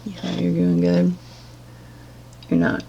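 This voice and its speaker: Woman vlogger, low gravelly voice, unhurried delivery, blunt sarcastic commentary, profane. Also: completely flat delivery, dark tone, dull audio, slight background noise. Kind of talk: reaction commentary.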